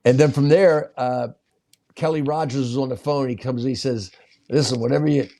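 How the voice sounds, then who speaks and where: A man's voice: medium pitch, fairly even intonation, normal speed, warm tone. Rambling, chuckling comedian man. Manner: rambling, chuckling between lines. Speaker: podcast guest, comedian. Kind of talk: casual comedy storytelling.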